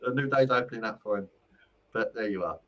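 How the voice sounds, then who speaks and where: A man's voice: fairly low pitch, a little fast, a bit bright, poor audio. A man who hosts a live stream and gives psychic readings, rambling and repeating his phrases. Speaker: spiritual medium and host.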